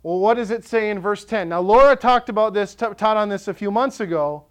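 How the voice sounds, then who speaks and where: A male pastor delivers a sermon in a notably high voice. He preaches with passion, building to emphatic declarations. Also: a little fast, clean tone. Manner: impassioned, rising to emphatic declarations.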